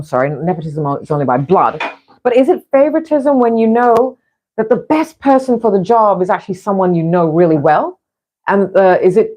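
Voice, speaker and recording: A woman's voice: lowish voice, a little mellow. Chatty rambling woman vlogger. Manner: chatty and rambling, with many restarts. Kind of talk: casual chat.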